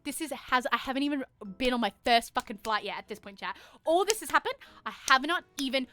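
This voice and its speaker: A woman with an Australian accent, streaming and telling a story to her chat in a casual, animated way, swearing freely and acting out what people said. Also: sits high, fast.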